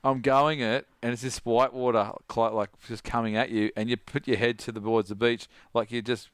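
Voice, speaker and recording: A man's voice: medium pitch, brisk, no room sound. A middle-aged Australian man, a surf coach, animatedly telling stories as a podcast guest and acting out his friends' voices. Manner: animated, acts out friends' voices, laughs often. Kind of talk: casual storytelling.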